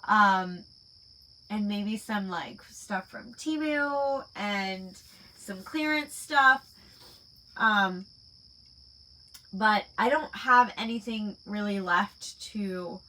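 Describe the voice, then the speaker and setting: Woman host, casual late-night chat, unhurried delivery, filler-heavy rambling. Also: mid-range voice, bright, forceful tone, rough recording. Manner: rambling, full of "like" and "um". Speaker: online shop owner hosting a live chat stream.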